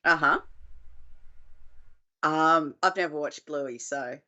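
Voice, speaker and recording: A woman's voice: low-pitched, takes it slowly, pushed and bright, highs cut off. A woman co-hosting a casual comedy chat, asking questions in a dry, teasing way. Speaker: co-host.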